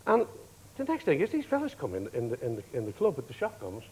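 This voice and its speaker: A man, a guest on a TV talk show, telling stories in a lively way, often laughing and acting out other people's lines. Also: mid-range voice, fast talker, breathy edge, rough recording. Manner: lively raconteur, laughs often, acts out quoted voices. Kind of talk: anecdotal storytelling. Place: TV studio.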